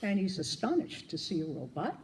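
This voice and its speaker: Lively joke-telling man at a memorial. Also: sits high, brisk, slight background noise, rough recording. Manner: lively storytelling with acted quotes. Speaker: memorial speaker.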